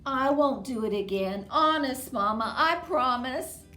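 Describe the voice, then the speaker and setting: A woman voicing a huge male giant in a storybook, loud and bragging. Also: high-pitched, lively intonation, measured pace, recorded from a distance, soft background music, heavily acted. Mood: sheepish. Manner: loud, bellowing, boastful. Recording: roomy echo.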